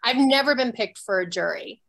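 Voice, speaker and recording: A woman's voice: fairly high pitch, lively intonation, moderate pace, vocal fry, a bit bright. A woman speaking as an actress guest on a video call, bubbly and gushing, laughing often in casual chat. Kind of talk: lively casual interview chat.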